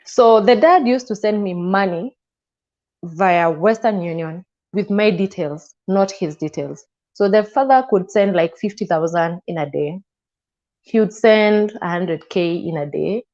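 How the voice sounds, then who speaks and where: Woman guest, lower register, animated storyteller; dull, muffled audio. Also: measured pace. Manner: animated retelling with frequent "and I'm like" asides. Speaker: guest telling her story. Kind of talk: personal storytelling interview. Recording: slightly muffled, dull sound.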